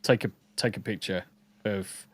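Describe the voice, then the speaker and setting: A man's voice: fairly low pitch, steady tone, normal speed, breathy edge, dry recording. A man from the English Midlands with a mixed English accent, partly southern, co-hosting a podcast in casual chat, reading comments with rambling jokes. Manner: rambling, jokey, repeats words. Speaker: podcast co-host.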